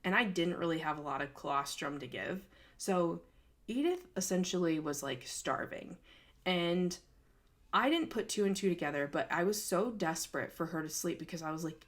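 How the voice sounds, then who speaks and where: A woman's voice: on the low side, animated, moderate pace. A young woman hosting a podcast, telling a personal story in a candid, emotional way, with many fillers. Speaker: podcast host.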